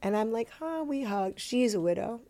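A middle-aged woman, an actor, chatting in an interview and telling stories in an animated, self-deprecating way with quick asides. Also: a little high. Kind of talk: casual interview chat.

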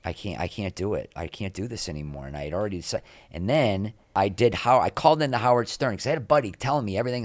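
In a dry recording, a low-pitched middle-aged man appears as an interview guest. His candid, meandering, self-mocking anecdotes turn lively when he acts out what other people said.

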